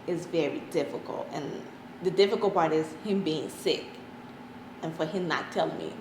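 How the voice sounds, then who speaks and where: A woman in her thirties answering interview questions, hesitant, with many pauses and restarts. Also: deep voice. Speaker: interviewee, mother of an autistic son. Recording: echoey room, faint background noise.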